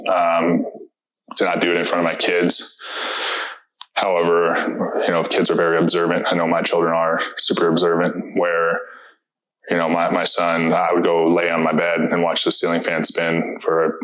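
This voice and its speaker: A man in his thirties gives a personal testimonial, his voice low and heavy. He speaks in an even, level tone and stays steady, pausing and restarting as he reflects on his words. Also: low-quality recording. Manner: halting, reflective, many fillers and restarts. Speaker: interviewee.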